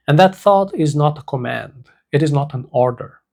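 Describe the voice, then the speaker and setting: A man teaching a self-help lesson, speaking slowly and deliberately and repeating key words for emphasis. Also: a little high, lively intonation, vocal fry, darkish tone. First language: Portuguese.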